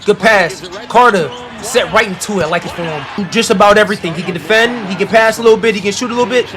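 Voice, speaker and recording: A young man reacting live to a basketball game, animated, with loud outbursts and slangy trash talk. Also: sits high, quick pace.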